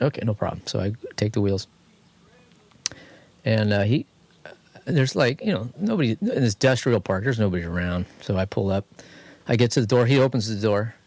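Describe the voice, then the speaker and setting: In a home studio with a dry sound, a Californian-accented man co-hosting a podcast spins a long, rambling garage story with plenty of energy. His pitch is medium, and he quotes other people in lively voices as part of the casual garage chat.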